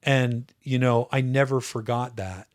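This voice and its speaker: A man's voice: mid-range voice, fairly even intonation, a little slow. A man in his fifties, a retired officer, telling stories as a guest in a casual interview, earnest and reflective, often restarting his sentences.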